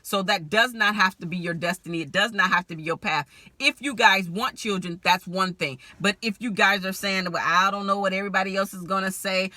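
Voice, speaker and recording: Bright-voiced woman giving candid relationship advice. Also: medium pitch, dry recording. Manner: candid, animated, laughs often. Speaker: relationship strategist. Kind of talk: direct-to-camera advice vlog.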